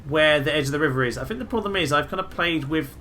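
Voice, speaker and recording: A young man giving casual, jokey commentary over a strategy game, breaking into loud excited exclamations. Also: a little high, fast, slight background noise. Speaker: gaming video host.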